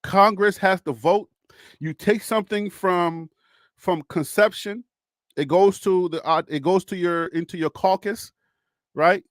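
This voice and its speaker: High-voiced man talking politics casually. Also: measured pace, no echo, clean studio sound. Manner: chatty, laughs often, repeats phrases while thinking. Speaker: political commentary host. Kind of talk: casual political talk to a viewer.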